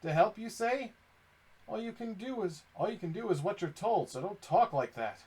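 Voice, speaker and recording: A man doing a gruff stern fish-shop dad. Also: high voice, animated, moderate pace, darkish tone, voice pushed up. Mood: scolding. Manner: scolding, blunt, lecturing.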